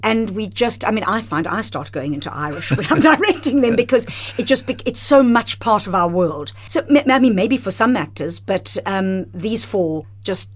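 A woman's voice: mid-range voice, moderate pace, hardly any pauses. A woman theatre director guesting on a radio interview in a studio, speaking with enthusiasm and expression. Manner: enthusiastic, expressive, laughs often. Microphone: studio microphone.

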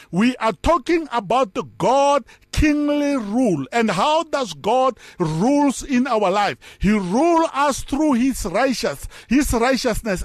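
A man's voice: extremely high pitch, no echo, studio quality. A man giving a Bible teaching as a pastor, repeating words and stressing key phrases as he preaches.

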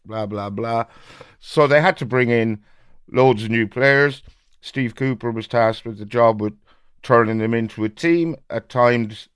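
A man's voice: on the low side, clean tone, no room sound, clean studio sound. A man chatting on a football podcast as a pundit, telling things emphatically with a wry edge. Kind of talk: casual podcast chat.

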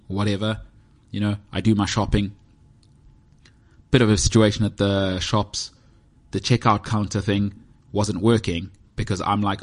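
A man's voice: on the low side, flat delivery, normal speed. A man hosting his own podcast, talking in a rambling, self-mocking, joking way as he chats on his own. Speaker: podcast host. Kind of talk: casual solo podcast monologue. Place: indoors, heated room.

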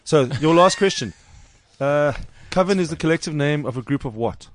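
A man's voice: a little high, animated, moderate pace, a little hiss or hum. A man with a South African accent hosting a podcast, joking around and quizzing his co-hosts in casual chat. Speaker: podcast host.

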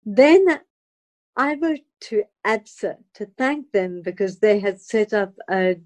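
A woman, an actress telling her story as a guest in dramatic, expressive bursts with stammered restarts. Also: medium pitch, slow, no room sound. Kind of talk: animated personal storytelling.

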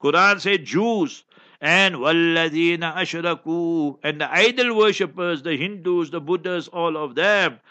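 A man's voice: high-pitched, a little slow, sharp tone. A man giving an impassioned preaching Q&A as an Islamic scholar, chanting Arabic verses between fiery remarks. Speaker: Islamic scholar answering questions. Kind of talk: preaching Q&A talk. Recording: dull lo-fi recording.

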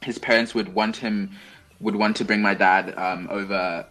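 Husky young man, chatty co-host. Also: fairly low pitch, fairly even intonation, normal speed, sharp tone, soft background music, low-quality recording. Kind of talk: casual chat.

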